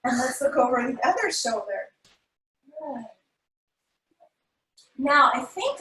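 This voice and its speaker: A woman with a high, bright voice leads a family yoga class, giving playful, encouraging cues in a sing-song way at a slow pace with frequent pauses. She's a yoga instructor who sounds a little distant from the mic in an echoey studio room.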